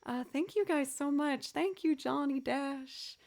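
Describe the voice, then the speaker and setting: A woman's voice: high-pitched, measured pace, gravelly, darkish tone. Chatty woman streamer, slightly scratchy voice. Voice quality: a little scratchy. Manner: chatty, upbeat, laughs often, thanks viewers by name. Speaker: livestream musician. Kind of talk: casual livestream chat with viewers.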